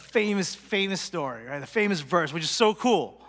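A man's voice: high voice, expressive, moderate pace, a bit bright, long reverb tail. A male pastor giving a casual, chatty sermon in a church, talking to the congregation with lots of fillers, acting out quotes and sometimes dropping to a whisper for effect. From Portland. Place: church hall.

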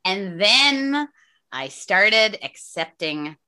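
Lively, bright-voiced woman podcast host. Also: medium pitch, very slow. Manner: blunt, swears freely, enthusiastic. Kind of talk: casual interview chat.

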